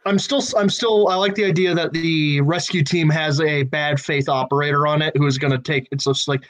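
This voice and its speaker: A man's voice: a little high, fairly even intonation, brisk, few pauses, a bit bright, rough recording. A man in a casual creative brainstorm, thinking aloud and laying out plot ideas step by step. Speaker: writer in a story brainstorm.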